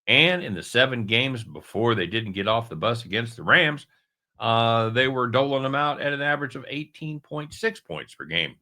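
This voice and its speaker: A man's voice: medium pitch, expressive, normal speed, sharp tone. A man giving a casual sports betting preview straight to his viewers, chatty and jokey, with a caramel in his mouth.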